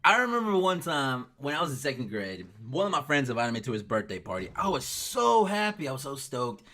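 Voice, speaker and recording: A man's voice: mid-range voice, a little fast. A young man from the United States chatting casually and telling personal stories over gameplay, acting out the lines people said. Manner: chatty, animated, acts out quoted lines. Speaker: gaming YouTuber.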